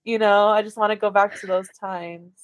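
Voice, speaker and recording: A young woman co-hosting a podcast in casual chat, talking quickly through stories with lots of filler words. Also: mid-range voice, no room sound, clean studio sound. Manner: chatty, heavy on fillers, animated retelling. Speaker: podcast co-host.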